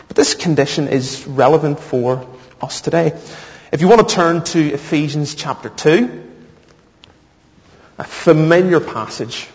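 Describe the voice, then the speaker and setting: A man preaching a sermon, mixing Bible reading with humorous personal stories. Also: on the high side. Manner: storytelling with self-deprecating humor. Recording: muffled, echoey hall.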